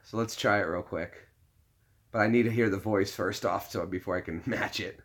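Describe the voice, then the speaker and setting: Chatting casually on a live stream, a man rambles in a bright, forward voice that is fairly low, steady in tone, and moderately paced. He loops through fillers and restarts, jokes at his own expense, and laughs often with his viewers.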